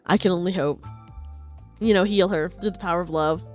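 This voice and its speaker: A woman's voice: fairly low pitch, fairly even intonation, brisk, soft background music. A young woman streamer giving casual gameplay commentary, playful and giggly, reading game dialogue aloud for her chat.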